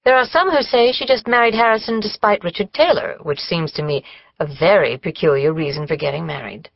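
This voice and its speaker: A woman's voice: lowish voice, brisk, creaky, no echo, muffled recording. A woman voicing a prim, gossipy older housekeeper. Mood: gossiping. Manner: formal, long-winded gossip.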